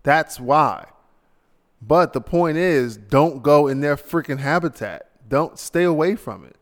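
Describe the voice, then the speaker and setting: A man's voice: a little high, unhurried, big-room sound. A man hosting a solo podcast, ranting casually and sounding tired late at night. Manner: casual, ranting, tossing in mock voices. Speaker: podcast host.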